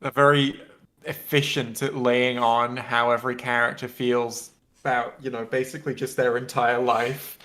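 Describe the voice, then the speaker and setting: A man guesting on a casual movie podcast, making wry, unhurried remarks over a headset. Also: medium pitch, little pitch movement, sharp tone, poor audio. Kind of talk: casual movie-review chat. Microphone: headphones plugged into a PC.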